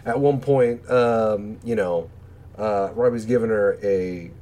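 A man in casual podcast chat, slangy and animated, who jumps into high squeaky voices when quoting film scenes. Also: takes it slowly. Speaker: podcast guest.

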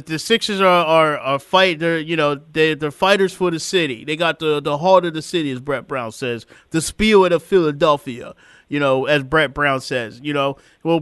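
A man hosts a casual sports talk show and vents with emphatic, repetitive phrasing. His voice sits a little high and sounds smooth and clear. The close mic is dry, with no room sound. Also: a bit bright, dry recording. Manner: emphatic, ranting, repeats for effect. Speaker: podcast host.

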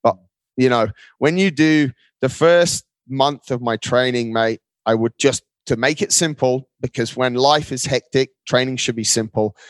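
A man's voice: medium pitch, a little slow, no echo. A man speaking as an interview guest, upbeat and emphatic, often calling his host mate. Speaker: guest, marathon runner. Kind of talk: casual interview talk.

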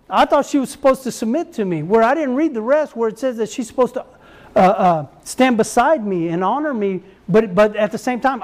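Higher-voiced preacher man. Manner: folksy storytelling, exhorting and repetitive. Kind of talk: sermon.

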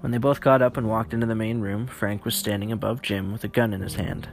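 A man's voice: lowish voice, steady tone, quick pace, gravelly, hardly any pauses, over music. A man narrating a horror story in a weary, profane first-person voice.

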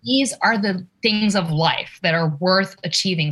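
Low-voiced reflective woman, casual chat. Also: moderate pace, few pauses, a bit bright. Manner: reflective, asks probing rhetorical questions.

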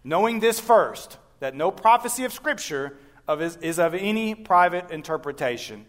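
A man with a slightly raised pitch reads scripture aloud to a congregation. He is earnest and now and then stumbles or adds a filler before reading on. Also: lively intonation, moderate pace. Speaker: scripture reader.

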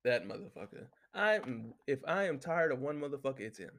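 A man with a gravelly, creaky voice at an ordinary middle pitch, ranting in loose casual talk. He swears constantly, rambles with fillers and restarts, and sounds heated and blunt. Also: sing-song, brisk, a bit bright. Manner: heated, cursing freely, lots of filler. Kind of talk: casual profane rant.

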